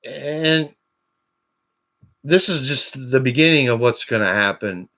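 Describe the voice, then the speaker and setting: A man on a call-in show, ranting angrily and swearing constantly, his voice climbing toward shouts. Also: mid-range voice, animated, takes it slowly. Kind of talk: angry profane rant.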